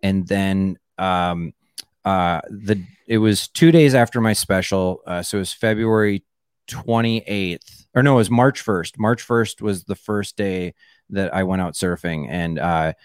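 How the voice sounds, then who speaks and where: Man, comedian guest, rambling casual talk, lots of fillers, smooth lowish voice, dry sound. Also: unhurried, dry recording. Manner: rambling, many fillers and restarts. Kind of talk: casual chat.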